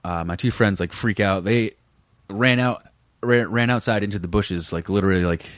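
A man's voice: on the low side, moderate pace, no room sound, clean studio sound. A young man from Massachusetts, a guest comedian telling stories in a laid-back way and laughing often. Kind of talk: casual chat.

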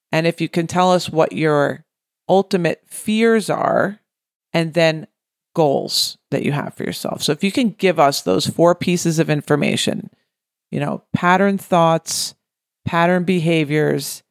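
A woman's voice: low voice, unhurried, dry recording, studio quality. A woman co-hosting a casual talk show, working through a listener's problem by asking herself questions. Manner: thoughtful, asks herself questions. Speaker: podcast co-host. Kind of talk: casual chat.

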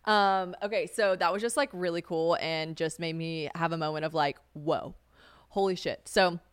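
A woman's voice: fairly even intonation, moderate pace, clean tone, no room sound. A young woman hosting a casual solo podcast, chatty and swearing freely, often acting out what others said. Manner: chatty, swearing, laughs, acts out quotes in a high voice. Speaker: podcast host.

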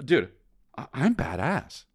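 A man's voice: medium pitch, wildly swooping pitch, slow, slightly rough, no room sound, studio quality. A man in his thirties co-hosting a podcast in casual banter, rambling, repeating himself and swearing freely. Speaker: comedian and podcast co-host.

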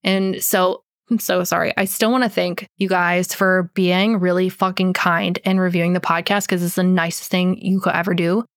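A woman's voice: on the low side, flat delivery, moderate pace, no echo, clean studio sound. A woman hosting a true crime podcast who speaks bluntly and swears a lot, and says she is losing her voice. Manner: blunt and heavily profane. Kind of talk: podcast narration and unscripted outro rant.

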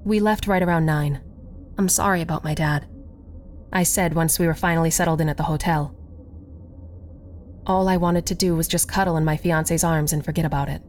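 A woman narrates a first-person horror tale in an expressive, scripted delivery. Her voice sits on the low side, with faint music underneath. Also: fairly quick.

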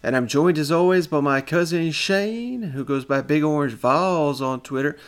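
A man's voice: on the high side, moderate pace. Upbeat man hosting a sports podcast. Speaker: podcast host. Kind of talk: casual sports podcast chat.

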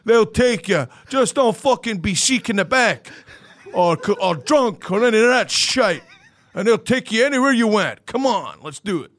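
A man's voice: high voice, expressive, moderate pace. A Scottish man putting on a brash New Yorker. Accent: put-on New York American. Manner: loud, swearing, hard-selling. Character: brash New York man pitching taxis.

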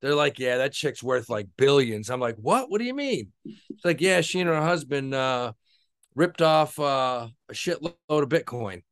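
A man co-hosting a casual podcast, loud and excitable, swearing often as he tells stories. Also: mid-range voice, unhurried, clear, resonant tone. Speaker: podcast co-host. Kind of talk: casual crude banter.

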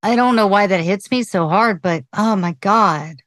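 A female podcast co-host reacting softly and emotionally to a sad story. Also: medium pitch, moderate pace, no echo, clean studio sound.

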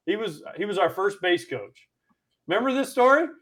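A man's voice: sits high, lively intonation, moderate pace, fairly bright tone. A man co-hosting a podcast, telling a profane, joking clubhouse story. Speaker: podcast co-host, former player. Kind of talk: casual chat.

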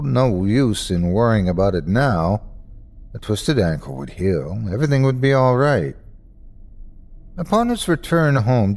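A man hosting and narrating a horror story, reading in an expressive, dramatic storyteller's way. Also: mid-range voice. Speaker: host and narrator.

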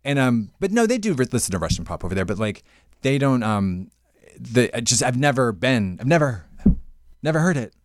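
A man's voice: mid-range voice, sing-song, fairly quick, no echo, studio quality. A man co-hosting a podcast in casual chat, talking in a rambling, jokey way. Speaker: podcast co-host. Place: podcast studio.

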